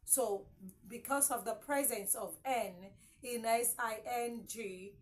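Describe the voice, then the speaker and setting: Slow, repetitive woman teaching pronunciation. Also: a little high. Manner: repeats words slowly, asks "okay?" often. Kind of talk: classroom-style lesson. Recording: faint background noise.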